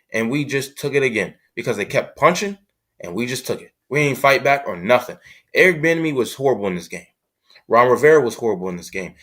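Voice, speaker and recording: Male sports show host, frustrated fan commentary, emphatic and repetitive, mid pitch. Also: fairly bright tone.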